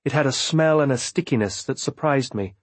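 A man reading a novel aloud in first person with measured, steady storytelling. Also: mid-range voice, no echo. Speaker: audiobook narrator. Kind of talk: scripted first-person narration.

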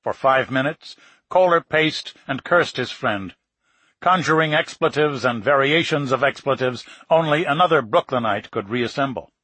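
A man reading a nonfiction book aloud in a steady, measured narration. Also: mid-range voice, no room sound. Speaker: audiobook narrator. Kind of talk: scripted narration.

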